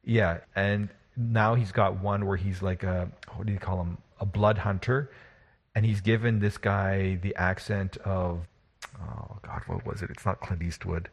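A husky-voiced man chats casually as a podcast co-host. He rambles, restarts his sentences and laughs as he talks. His pitch sits a little low. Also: steady tone, measured pace, muffled recording. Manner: rambling, restarts often, laughs while talking. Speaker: podcast co-host and game master. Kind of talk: casual chat.

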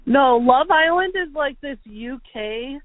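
A woman chatting casually and animatedly, full of "like" and quick asides. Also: sits high, no room sound. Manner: chatty, animated, lots of filler "like". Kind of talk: casual chat. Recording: tinny phone-like dry sound.

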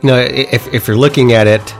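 A man's voice: medium pitch, steady tone, quick pace, creaky, faint music behind. A man hosting a casual podcast chat, easygoing and agreeable, with light filler words. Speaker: podcast host.

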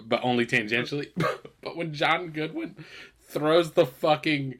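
A man's voice: a little high, a little slow, a bit bright. A man co-hosting a podcast in casual chat, swearing, laughing and acting out scenes from shows. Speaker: podcast co-host.

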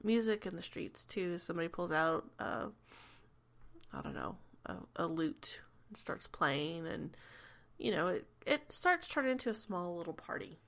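A woman narrating as game master of a tabletop role-playing game, relaxed and chatty. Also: fairly low pitch, moderate pace. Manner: relaxed, chatty, laughs often.

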